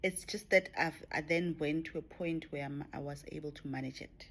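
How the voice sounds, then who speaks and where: A woman talking to camera about her spiritual experiences in a reflective way, often dropping to a soft whisper. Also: low voice, normal speed. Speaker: spiritual vlogger. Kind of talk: personal spiritual talk to camera.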